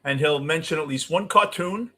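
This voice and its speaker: A middle-aged man with a New York accent ranting as a postgame show host, cursing and swinging between yelling and muttering. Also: a little high, normal speed. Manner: profane, swings from shouting to muttering. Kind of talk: ranting fan commentary.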